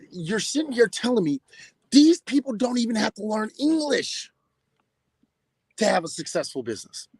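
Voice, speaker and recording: Male podcast host, high and raspy, swearing hard, dry close sound. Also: fairly bright tone, no room sound. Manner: profane, emphatic ranting. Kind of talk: casual podcast commentary.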